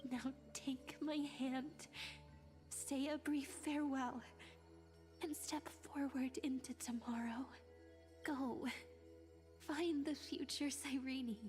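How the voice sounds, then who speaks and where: An actress voicing a gentle young woman in a game who bids a tender farewell in a soft, breathy whisper, speaking slowly and earnestly. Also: high-pitched, fairly even intonation, faint music behind. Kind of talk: game character dialogue.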